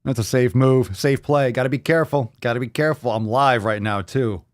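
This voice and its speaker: A man hosting a live podcast stream, talking loudly and excitedly, repeating phrases and swearing often. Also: medium pitch, a little fast, no echo, clean studio sound. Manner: plays soundboard clips. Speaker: podcast host.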